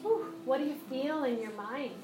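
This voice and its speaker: High, playful woman teaching kids' yoga. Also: a little slow. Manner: playful, encouraging, with sing-song animal cues. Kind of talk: guiding a children's yoga class. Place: classroom or studio with music playing. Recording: echoey room, music behind.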